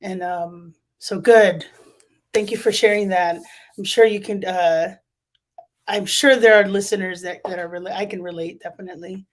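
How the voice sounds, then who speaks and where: A woman's voice: mid-range voice, fairly even intonation, normal speed. A woman hosting a casual interview, asking questions and encouraging her guest. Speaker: interview host.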